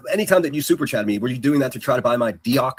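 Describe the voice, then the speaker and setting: A man's voice: mid-range voice, expressive, racing, slightly rough, no echo, clean studio sound. A man on a live stream talking in a heated, defensive, profane way. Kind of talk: casual live-stream chat.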